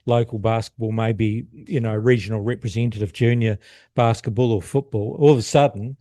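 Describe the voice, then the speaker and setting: A man's voice: lowish voice, fairly even intonation, fairly quick, dark tone, dry recording. A man hosting a sports podcast, asking questions with small stumbles and restarts. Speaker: podcast host. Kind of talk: sports talk interview.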